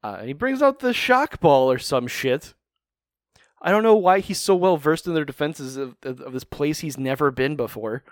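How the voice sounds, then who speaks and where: Male podcast co-host, clear and smooth, dry close-mic sound, rambling wry delivery with casual swearing. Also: a little high, expressive, moderate pace, no echo. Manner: rambling, profane, wry recap storytelling. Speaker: podcast co-host recapping a cartoon. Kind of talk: casual chat.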